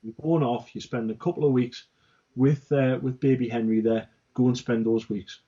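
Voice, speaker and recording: Male business co-host, casual and talkative, mellow tone, dull lo-fi sound. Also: medium pitch, steady tone, moderate pace, husky. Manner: chatty, repeats "right?" and "yeah?". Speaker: company director, co-host. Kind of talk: casual business podcast chat.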